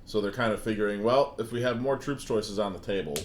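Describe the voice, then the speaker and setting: A man's voice: lowish voice, quick pace, a little hiss or hum. A tired man co-hosting a casual tabletop gaming chat, explaining his points step by step in a laid-back way. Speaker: co-host.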